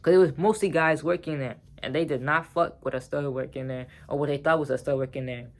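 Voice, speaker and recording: A man's voice: on the high side, steady tone, brisk. A man telling a personal story in a casual vlog, heated and profane, talking straight to the viewers.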